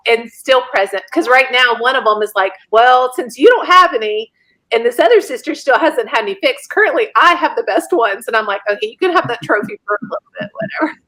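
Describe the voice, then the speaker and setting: A woman, a podcast guest telling a personal story in a lively way and laughing often. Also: fairly high pitch, a little fast. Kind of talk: casual storytelling.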